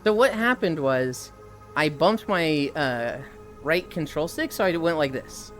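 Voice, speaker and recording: A woman's voice: deep voice, lively intonation, unhurried, faint music behind. A woman streaming live, chatting casually while she walks, telling rambling stories full of swearing and fillers. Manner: rambling storyteller, swears freely, trails off with fillers; talking while walking.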